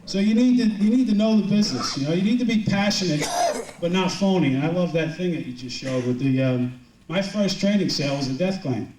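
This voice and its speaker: A man's voice: sits high, expressive, fairly quick, darkish tone, a little hiss or hum. A middle-aged man giving a rambling, joking motivational talk to a business audience. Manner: joking, rambling storyteller with many restarts. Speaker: motivational speaker. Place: large event hall with a live audience. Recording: roomy, distant hall mic with crowd laughter.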